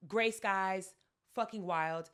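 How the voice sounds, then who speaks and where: Podcast co-host, woman, bright and lively, acts out every quote. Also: medium pitch, takes it slowly, smooth. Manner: animated, acts out quotes loudly, laughs often. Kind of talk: casual storytelling chat.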